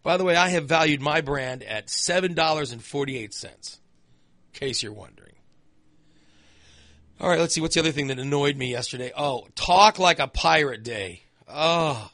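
A man hosts a talk show, firing off opinions in a sarcastic, exasperated rant. His voice is forceful and bright, sitting somewhat high for a man. It is recorded dry and close on a studio microphone, with no room sound. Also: moderate pace, dry recording.

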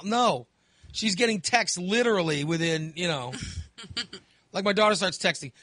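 Bright, high-voiced man ranting. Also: measured pace, long pauses, no room sound. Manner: profane, exasperated ranting. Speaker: podcast host. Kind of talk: casual chat.

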